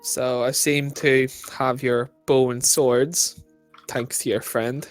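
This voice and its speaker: Male player, earnest, mid pitch, faint music. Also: level tone, takes it slowly. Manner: earnest, questioning. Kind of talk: in-character play.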